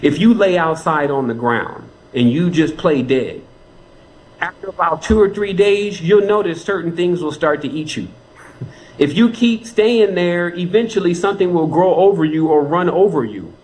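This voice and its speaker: Earnest rambling man, slightly high voice. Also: darkish tone, rough recording. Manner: rambling, earnest, laughs often. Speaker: spiritual teacher guest. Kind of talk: interview answers.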